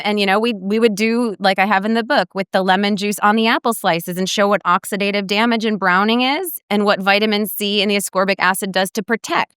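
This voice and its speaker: Woman guest dietitian, middle-aged, animated storyteller; clear, crisp voice. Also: medium pitch, no room sound, studio quality. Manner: warm storytelling, animated quoting of others. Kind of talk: podcast interview.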